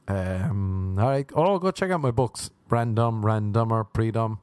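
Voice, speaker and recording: A man's voice: lowish voice, measured pace, hardly any pauses, darkish tone, clean tone, no echo. A young Irish man, a stand-up comedian, rambling self-mockingly through a casual podcast outro.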